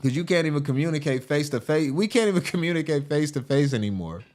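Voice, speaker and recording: A man hosting a show, giving casual, joking commentary over video clips in an animated way and often laughing. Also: fairly high pitch, fast talker. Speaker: host.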